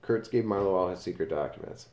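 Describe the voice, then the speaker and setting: A male teacher with a fairly low, soft-edged voice walks through a novel in a relaxed, explanatory way, stopping to read passages aloud. The sound carries a roomy echo around him. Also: quick pace. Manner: casual explanatory, reads quotes aloud with page numbers.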